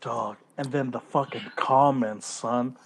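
A man co-hosting a casual podcast chat, telling animated stories full of slang and swearing. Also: medium pitch, takes it slowly, gravelly, crowd noise. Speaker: podcast co-host.

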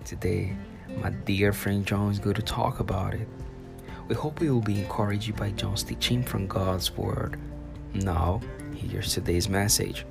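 A man introducing a podcast episode in a calm, measured way. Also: on the low side, creaky, loud music behind the voice. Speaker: podcast host.

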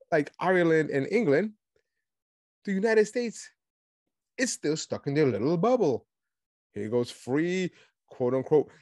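A man hosting a political podcast, talking in an animated, sarcastic monologue and mocking his opponents. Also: a little high, no room sound, clean studio sound. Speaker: podcast host.

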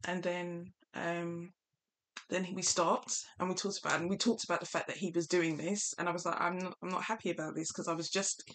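Bright, candid young woman telling a story. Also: lowish voice, level tone, moderate pace. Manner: candid storytelling, frequent laughter. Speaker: podcast host. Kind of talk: casual chat.

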